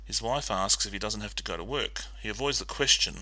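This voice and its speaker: A man co-hosting a film podcast, recapping scenes in a steady, methodical way with frequent ums. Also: fairly low pitch, brisk, no room sound. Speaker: podcast co-host. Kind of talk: casual film discussion and plot recap.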